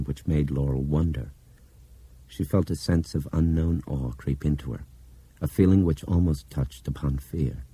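Very deep, dark male narrator. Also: slightly rough, no echo. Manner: steady, measured reading with hushed drops. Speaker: audiobook narrator. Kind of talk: scripted narration.

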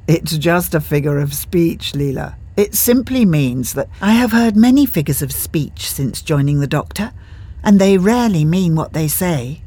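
A reserved British army officer, as a narrator plays him speaks clipped and polite, keeping feelings understated. The voice stays husky and even in this audiobook, measured rather than showy. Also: medium pitch, lightly acted. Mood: reflective.

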